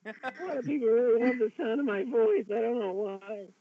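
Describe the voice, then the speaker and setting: A man's voice: very high-pitched, fairly quick. A man appearing as a podcast guest, cracking dry, sarcastic jokes about the host. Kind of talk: casual group chat. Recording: dull noisy call line.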